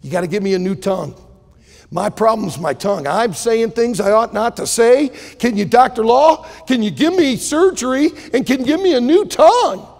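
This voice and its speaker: A man acting out a desperate male patient begging a doctor for help, his voice climbing to shouts. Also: high voice, a little fast, vocal fry, husky, long reverb tail, heavily acted. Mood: pleading. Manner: pleading, rising to shouts.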